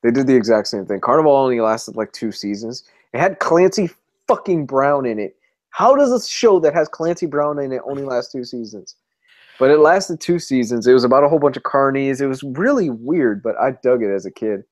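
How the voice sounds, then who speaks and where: Homem animado de entonação variada. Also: male voice, medium pitch, animated, fairly quick. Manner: enthusiastic, laughs often. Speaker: podcast co-host. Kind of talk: casual chat.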